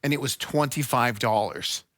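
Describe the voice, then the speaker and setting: Lively joking male co-host. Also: medium pitch, normal speed, dry recording, clean studio sound. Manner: joking, animated, plays with voices. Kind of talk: casual podcast banter.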